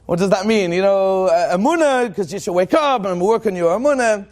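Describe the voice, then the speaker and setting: A rabbi giving a lively, joking religious talk to a live audience, questioning them and acting out what people say. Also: male voice, high-pitched, a little fast. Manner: animated and joking, acts out quoted thoughts in a dramatic voice.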